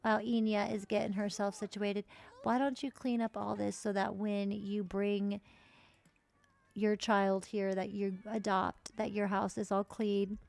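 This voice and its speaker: A woman's voice: mid-range voice, level tone, unhurried, creaky, a little mellow. A woman streaming a life-simulation game, chatting casually and swearing now and then as she plays. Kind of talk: casual gameplay commentary.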